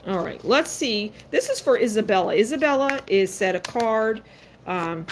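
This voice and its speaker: A woman's voice: a little high, animated, moderate pace, a little hiss or hum. A woman doing a live-stream tarot reading. She is blunt and sassy and speaks straight to her viewers. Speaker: tarot card reader.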